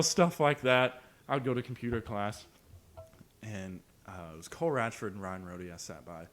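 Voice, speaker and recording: A young man on a podcast, telling school stories in an excitable, casual way. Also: lowish voice, normal speed. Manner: lively, excitable storyteller. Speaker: podcast co-host. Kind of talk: casual storytelling chat.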